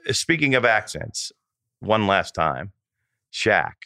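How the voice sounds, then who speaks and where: A man's voice: lowish voice, big pitch swings, takes it slowly, vocal fry, bright, forceful tone, dry recording, clean studio sound. A man hosting a casual chat, playfully prodding the others with questions. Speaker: host.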